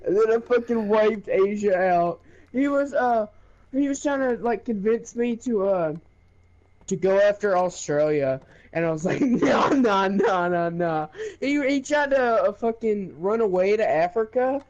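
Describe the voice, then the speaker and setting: Young man, high voice, animated storytelling, swearing, muffled lo-fi sound. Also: moderate pace. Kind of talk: casual chat.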